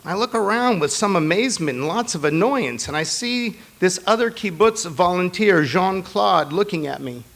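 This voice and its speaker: A rabbi giving a holiday sermon to his congregation, mixing personal stories and gentle humor with earnest appeals. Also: sits high, animated, normal speed, vocal fry, few pauses.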